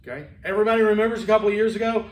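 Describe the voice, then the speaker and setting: Man, college lecture, high voice, rambling, lots of fillers, echoey classroom. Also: very fast. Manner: conversational, rambling with many fillers and restarts. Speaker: college instructor.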